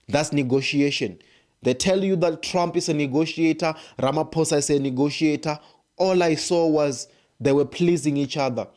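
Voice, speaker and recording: With a fairly high pitch and a darkish tone, this man speaks at a moderate pace. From South Africa, he gives an emphatic political commentary to camera, stacking rhetorical questions and repeating phrases.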